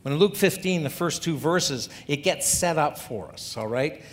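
A man's voice: expressive, moderate pace. A man preaching a sermon as a pastor, talking through scripture in a conversational way and asking the congregation rhetorical questions. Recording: long hall reverb, faint rumble.

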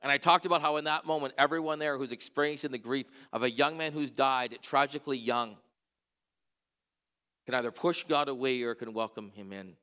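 A man preaching as a church pastor, telling stories in an earnest way and dropping to a hushed voice at moving moments. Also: medium pitch, fairly even intonation, brisk. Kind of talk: sermon storytelling.

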